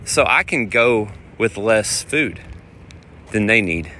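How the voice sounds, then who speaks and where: A man, a touring guitar player, telling road stories in a rambling, animated way while walking outdoors. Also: on the low side, takes it slowly. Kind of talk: casual vlog storytelling. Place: outdoors on city streets. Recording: outdoor street noise and wind.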